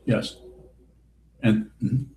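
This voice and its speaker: A man giving a Buddhist dharma talk and answering questions in a blunt, wry, teasing way. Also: very slow. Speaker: Buddhist teacher. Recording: roomy hall with faint background hiss.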